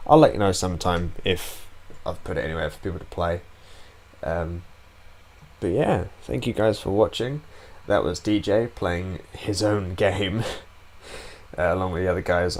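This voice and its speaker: A young man hosting his own gaming channel, rambling chattily while playing and shouting curses at the game. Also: low voice, creaky, a little hiss or hum. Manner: swears and yells at the game; chatty and rambling between outbursts. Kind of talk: gameplay commentary.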